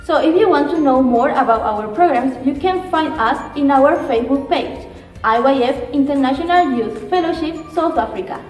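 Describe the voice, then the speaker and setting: Woman, high voice, slow patient language teacher. Repeats words for learners. Distant mic, roomy reverb. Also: animated. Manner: slow, patient, checks in with "okay?"; repeats words slowly for the viewer to echo. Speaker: Spanish teacher. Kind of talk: beginner language lesson.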